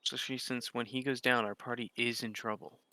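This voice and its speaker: A man playing a tabletop game, joking around and quick to laugh. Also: mid-range voice, fairly even intonation, bright, forceful tone, no echo. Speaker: player.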